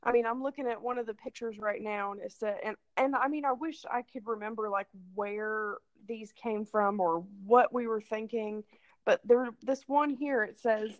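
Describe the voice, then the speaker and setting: A woman's voice: a little high, moderate pace, dry recording. A woman co-hosting a casual chat podcast, reading old quotes aloud in a wry, amused way. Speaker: podcast co-host.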